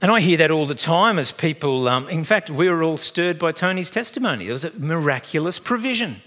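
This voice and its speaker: Animated Australian pastor preaching. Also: male voice, fairly high pitch, a little fast. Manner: storytelling, animated and chatty, laughs at own stories. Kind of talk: sermon.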